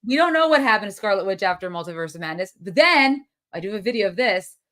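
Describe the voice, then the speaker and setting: A woman co-hosting a casual movie review, relaxed and matter-of-fact. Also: medium pitch, quick pace. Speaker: podcast co-host.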